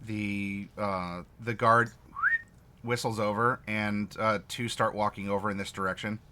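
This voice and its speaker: A man running a tabletop game, narrating slowly with many pauses and fillers. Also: on the low side, fairly even intonation, sharp tone, slight background noise. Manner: slow, halting, with many uh fillers. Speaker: game master.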